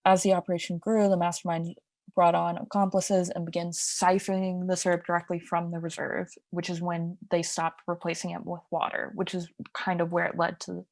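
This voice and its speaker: A woman's voice: lowish voice, flat delivery, a little fast, vocal fry, a little mellow, dry recording, studio quality. Chatty woman telling a true-crime story. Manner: chatty, explains with asides and restarts. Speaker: podcast co-host. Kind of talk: casual storytelling chat.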